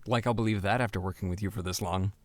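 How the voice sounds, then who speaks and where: A man's voice: fairly low pitch, steady tone, quick pace, dry recording, lightly acted. Visual novel love interest: sarcastic young man, teasing as voiced by an actor, dry studio sound.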